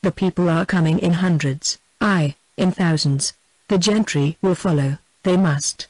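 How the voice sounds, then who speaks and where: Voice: medium pitch, unhurried, darkish tone, no room sound, lightly acted, rough recording. A narrator reading the lines of a scowling, contemptuous lord in an audiobook, dry and close. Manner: contemptuous, snapping. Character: contemptuous, hot-tempered male lord.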